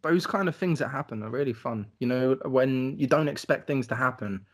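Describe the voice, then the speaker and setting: A man's voice: medium pitch, a little fast. Rambling young man telling stories. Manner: rambling, laughing, swearing, lots of fillers. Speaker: podcast co-host telling a travel story. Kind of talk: casual storytelling chat.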